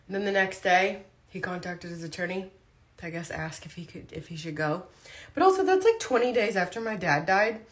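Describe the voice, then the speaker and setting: A woman talking casually on a livestream, blunt and chatty, chewing food as she speaks. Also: mid-range voice. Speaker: vlogger.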